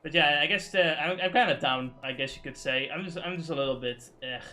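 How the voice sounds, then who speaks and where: Young streamer, male, tense bright delivery, sweary rant that drops to mumbles. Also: on the high side, brisk, faint music behind. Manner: profane, ranting, swings from loud to muttering. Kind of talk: casual venting on a game stream.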